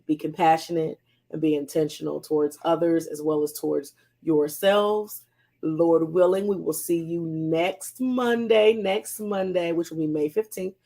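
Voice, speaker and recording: Counselor giving a pep talk, bit of vocal fry, keeps repeating the main point, laughs a lot. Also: mid-range voice. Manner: emphatic, repeats key phrases, laughs often, casual slang. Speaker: counselor hosting a weekly mental health segment. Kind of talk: casual motivational talk.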